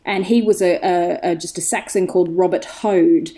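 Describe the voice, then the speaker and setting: A woman's voice: lowish voice, fairly even intonation, normal speed, dark tone. A woman talking as a podcast guest, chatty and enthusiastic, wandering off on tangents as she tells the story. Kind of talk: casual chat.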